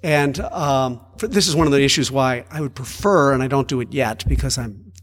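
A man who is a Catholic priest and podcast co-host, talking in a chatty, animated way with frequent stammered restarts. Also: medium pitch, normal speed. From United States. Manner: chatty, animated, prone to playful put-on voices and stammered restarts. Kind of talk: casual podcast chat. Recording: room with long reverb.

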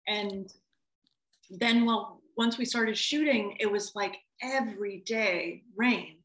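A woman film director talking casually in an interview, animated and laughing as she acts out what people said. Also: mid-range voice, slow pace, reverberant, poor audio.

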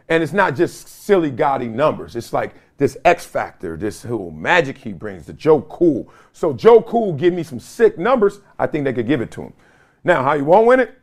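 A middle-aged man hosts his own sports podcast and talks in a loose, slangy way, often laughing mid-thought. His pitch swings a lot from line to line, and his voice sits somewhat high for a man. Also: normal speed. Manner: animated, slangy, laughs often, mimics others in quotes. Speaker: podcast host. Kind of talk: casual sports commentary.

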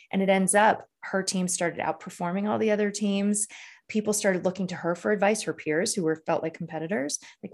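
A woman's voice: mid-range voice, a little fast, gravelly. A woman leadership coach telling a client story in an earnest, conversational way, often checking in with "right?". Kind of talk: conversational interview.

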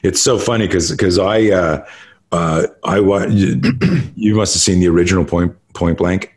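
A middle-aged man from Canada, a martial artist guest on a podcast, telling stories in a casual, profane, animated way. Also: deep voice, moderate pace. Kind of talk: casual storytelling.

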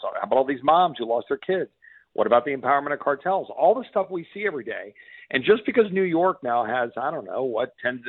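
A man's voice: medium pitch, dry recording. A congressman from Texas calling in to a radio interview, speaking in a fiery, emphatic way with frequent restarts. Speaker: congressman guest. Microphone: phone. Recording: tinny dry phone line.

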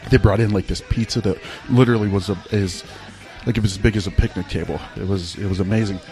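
A man's voice: on the low side, fairly even intonation, quick pace, a little mellow, faint music behind. A man telling a personal story in a casual, rambling way, full of "like" and "right?". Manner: rambling, laid-back, peppered with "like" and "right?".

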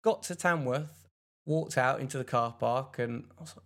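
Man, young adult, from England, gravelly voice, casual chat, acts out the voices of people in his stories. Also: mid-range voice, moderate pace. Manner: rambling storyteller, animated quoted voices. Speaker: podcast co-host.

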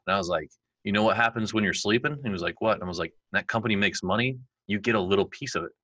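A man in his forties, a podcast guest, chatting and telling animated stories where he acts out his kids' lines. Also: on the low side, very fast, dry recording, lo-fi sound. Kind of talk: conversational interview.

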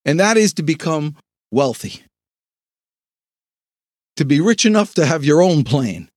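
A man hosting a sales podcast, delivering an energetic motivational pep talk with dramatic pauses. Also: fairly high pitch, no echo, clean studio sound. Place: home studio.

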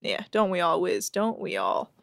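A podcast co-host recaps a reality show in quick, sarcastic chat, swearing freely. Her lowish voice is sing-song with vocal fry, and there's no echo.

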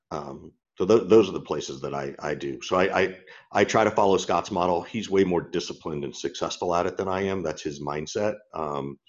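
A man co-hosting a podcast in casual chat, rambling with many fillers and restarts. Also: a bass voice. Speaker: podcast co-host and sales trainer. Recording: dull lo-fi sound.

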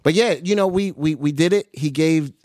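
A man's voice: a little high, moderate pace, no room sound. A man telling stories in casual conversation, acting out the voices of people he quotes. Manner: animated, acts out quoted voices. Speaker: guest recalling his early music career.

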